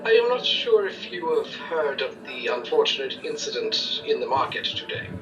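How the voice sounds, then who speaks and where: A man's voice: a little high, very animated, moderate pace, muffled recording, over music. A man playing a courteous noble adventurer in a tabletop game, speaking formally and at length. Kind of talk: tabletop role-play. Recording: distant mic with noise.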